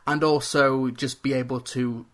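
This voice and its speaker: A man talks alone into a home computer microphone, hosting his own podcast. He keeps his voice level and flat, staying on one even note. He is earnest and stops to correct himself as he tries to cut out filler words. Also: medium pitch, a little slow. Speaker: podcast host. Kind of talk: solo podcast talk.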